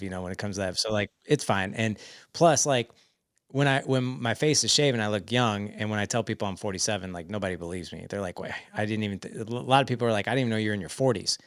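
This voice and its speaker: A man's voice: on the low side, fast talker, dry recording, studio quality. A man in his forties, a podcast guest, telling casual stories and acting out family conversations as he goes. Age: 40s. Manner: animated, quotes family dialogue in stories. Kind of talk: casual storytelling chat.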